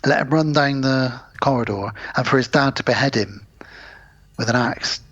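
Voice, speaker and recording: Man, podcast co-host, husky voice, lively film recap, dull lo-fi audio. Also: mid-range voice, normal speed. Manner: animated retelling, acts out characters' lines. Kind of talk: casual film recap chat.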